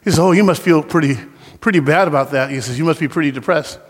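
High-pitched preacher guy, storytelling then shouting, big hall echo. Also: fast. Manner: storytelling, rising to impassioned shouts. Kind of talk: sermon. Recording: long hall reverb.

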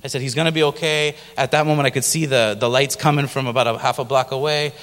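A man's voice: mid-range voice, fairly even intonation, fast, a bit bright. A male missionary giving a personal testimony in a casual, storytelling way, now and then acting out other people's voices. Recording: long reverb of a large hall.

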